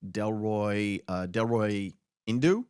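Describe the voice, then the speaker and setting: A man's voice: lowish voice, takes it slowly, darkish tone, smooth, dry recording, clean studio sound. A man hosting a casual movie podcast, rambling through trivia with many fillers and restarts. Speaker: podcast host.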